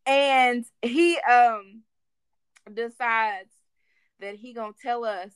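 A woman's voice: a little high, very slow, pauses often, clear, resonant tone, no echo. A young woman in her twenties co-hosting a podcast, telling a work story in casual, slangy chat and slipping into voices when she quotes people. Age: 20s. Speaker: podcast co-host.

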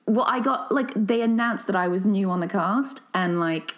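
A woman actress telling stories in casual chat, animated and sarcastic. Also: mid-range voice, moderate pace. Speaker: actress guest.

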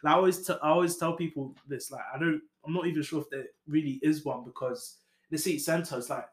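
A man's voice: on the high side, fairly even intonation, fast, echoey room. A man hosting a podcast, chatting casually and listing things off. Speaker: podcast host. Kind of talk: casual chat.

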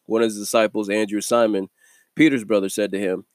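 A man hosting a daily devotional video, teaching from the Bible in a relaxed, conversational way and chuckling between thoughts. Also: lowish voice, brisk, no echo, studio quality.

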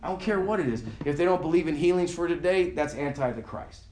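A man with a slightly high voice and a darkish tone talks fast while preaching a loose, conversational sermon. As pastor, he often has the congregation repeat words back to him. The room echoes, and there's slight background noise.

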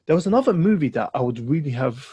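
A man's voice: mid-range voice, big pitch swings, quick pace, dark tone, husky, no echo, lo-fi sound. A man co-hosting a podcast in casual chat, rambling with fillers and restarts. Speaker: podcast co-host.

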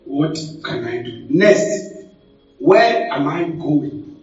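A man's voice: fairly high pitch, lively intonation, extremely slow, a little mellow, faint music behind. A man with a Ghanaian accent, a pastor preaching a sermon with call-and-response and frequent switches between languages. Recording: echoey hall from far off, dull lo-fi.

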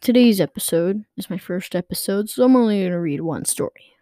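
A woman hosting a podcast, reading a comedic story aloud in a slow, deliberate way. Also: mid-range voice, lively intonation, warm tone, no echo, studio quality. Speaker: podcast host and story reader.

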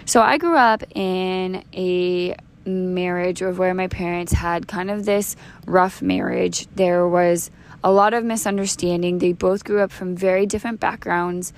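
She's a podcast host in her thirties telling her faith testimony, unhurried and steady in tone with a fairly low pitch. The delivery is earnest and conversational, marked by many restarts and fillers.

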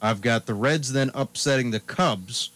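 A man on a sports radio show, talking in an easygoing, chatty way. His voice sits at an ordinary middle pitch. He rattles through his picks one after another. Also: unhurried, a bit bright. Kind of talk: casual sports talk radio.

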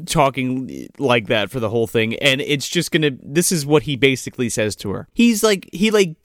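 Brief: male podcast co-host, lively swinging pitch, dry close sound, profane comic recap. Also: no echo. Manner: profane, animated retelling. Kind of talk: comedic movie recap.

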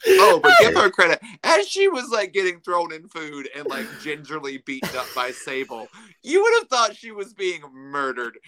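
Animated, bright-voiced man riffing casually. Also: high-pitched, normal speed. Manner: animated, riffing with many "like" fillers. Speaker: podcast co-host. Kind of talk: casual chat.

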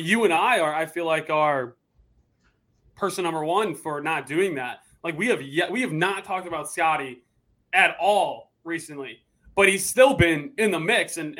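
A man's voice: on the high side, a bit bright. A man co-hosting a casual sports podcast, giving earnest, emphatic opinions. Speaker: podcast co-host.

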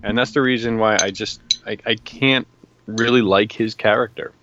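A man's voice: on the low side, fairly even intonation, normal speed, muffled recording, noisy background. A man co-hosting a podcast, bluntly teasing his partner and talking while chewing. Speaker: podcast co-host. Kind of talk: casual podcast banter. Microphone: remote call mic.

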